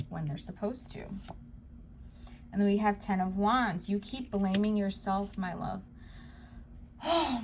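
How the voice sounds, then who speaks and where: Soft-spoken woman giving a tarot reading. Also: mid-range voice, slight background noise. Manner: soft, reassuring, addresses viewers directly. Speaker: psychic tarot reader.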